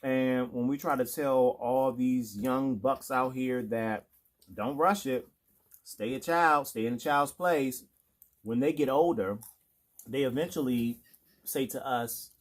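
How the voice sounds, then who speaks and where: A man's voice: mid-range voice, slow. Chatty, eager man hosting a mukbang. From Washington, D.C. area. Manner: chatty and enthusiastic, leaning into the audience. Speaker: podcast co-host. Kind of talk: casual chat over a food mukbang.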